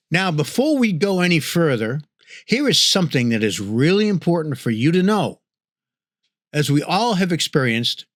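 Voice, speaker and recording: A man's voice: on the high side, a bit bright, no echo. Man narrating an audiobook, dry sound. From northern New England. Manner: measured, clear reading.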